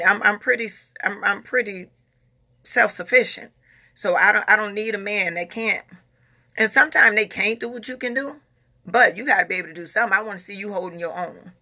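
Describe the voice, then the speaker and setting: A woman's voice: medium pitch, gravelly, sharp tone. A woman in her forties talking casually and emphatically, repeating herself as she answers viewer comments. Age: 40s. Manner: emphatic, repeats phrases, Southern American informal grammar. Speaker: vlogger reading viewer comments. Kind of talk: casual opinionated talk.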